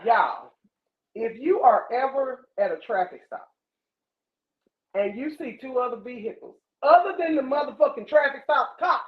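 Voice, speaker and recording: A woman from Louisiana hosting a podcast, telling a wild story in a profane, animated way and acting out the voices. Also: sits high, normal speed. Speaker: podcast host. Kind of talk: casual storytelling chat. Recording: echoey dull lo-fi room.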